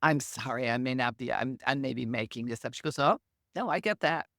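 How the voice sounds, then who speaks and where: Her voice is rumbling low and brisk, recorded at studio quality with no room sound. This middle-aged woman, a medium on a podcast, tells interview anecdotes and animatedly acts out the quoted lines.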